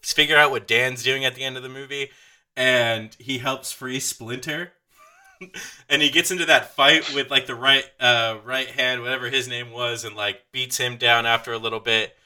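A man co-hosting a casual podcast chat, animated and profane, joking with his friends. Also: medium pitch, moderate pace. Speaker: podcast co-host.

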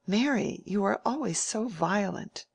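A woman's voice: on the low side, moderate pace, creaky. A prim, genteel young lady, as a woman reader voices her. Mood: prim, plaintive. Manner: mild and genteel, plaintive when pressed. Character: prim, mild, self-righteous young woman. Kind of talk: audiobook character reading.

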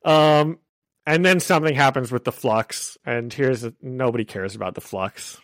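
A young man co-hosting a podcast, recapping a show in an excited, rambling way full of "like". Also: medium pitch, moderate pace, no echo. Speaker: podcast co-host. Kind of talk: casual chat.

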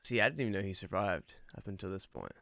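Easygoing low-voiced man chatting. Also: expressive, fast talker, vocal fry, bright, forceful tone, no room sound, clean studio sound. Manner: easygoing, laughs often. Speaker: co-host watching a movie. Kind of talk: casual movie watch-along chat.

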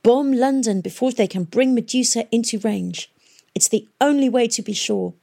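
A woman reading an audiobook, voicing a patient, commanding woman leader who speaks slowly and firmly. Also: fairly high pitch, creaky, dark tone, pitched above the performer's own voice. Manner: slow, measured and firm. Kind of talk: audiobook character voice.

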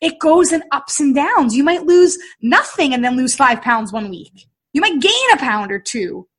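A middle-aged woman, a podcast host and fitness coach, telling a personal story in an animated way and acting out the dialogue. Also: sits high, normal speed. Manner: animated, acts out quoted dialogue.

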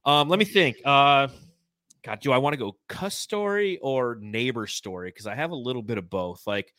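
A man's voice: mid-range voice, normal speed, no echo. A man from California, co-hosting a casual sports podcast and telling stories animatedly with lots of laughter. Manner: storytelling, laughing often, animated. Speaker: podcast co-host.

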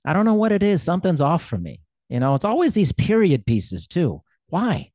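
A man's voice: fairly high pitch, wildly swooping pitch, moderate pace, dark tone, no room sound, clean studio sound. An American man hosting a casual interview, curious and laughing often. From United States. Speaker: podcast host.

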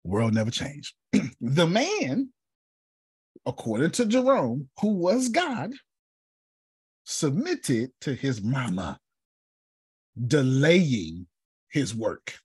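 A man's voice: mid-range voice, very animated, very slow, long pauses, a little mellow, breathy edge, no echo, clean studio sound. A man telling a story in a preaching style, dramatic, repeating a refrain and calling on listeners by name. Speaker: speaker.

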